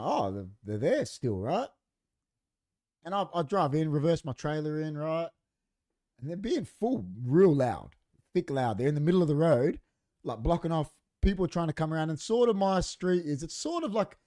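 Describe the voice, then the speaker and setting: A man, a podcast co-host telling a story in casual chat in a studio, acting out what people said. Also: a little high. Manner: animated, acts out quoted dialogue.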